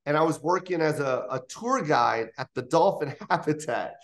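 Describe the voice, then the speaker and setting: A man's voice: a little high, moderate pace. A comedian in his fifties telling stories in an interview, acting out other people's voices along the way. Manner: animated, acts out voices in anecdotes. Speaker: comedian guest. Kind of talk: interview storytelling. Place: interview studio.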